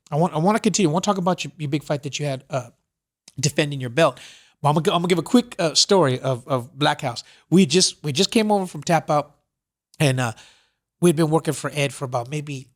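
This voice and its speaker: A man hosting a podcast, telling long rambling stories in casual chat and filling them with "you know" and "whatever". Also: on the high side. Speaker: podcast host.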